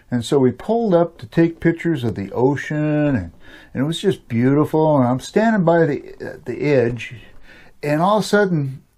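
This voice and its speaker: Older man, mellow, rambling storyteller. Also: fairly high pitch. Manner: rambling, chuckles often, many "you know" fillers. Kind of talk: casual spoken storytelling.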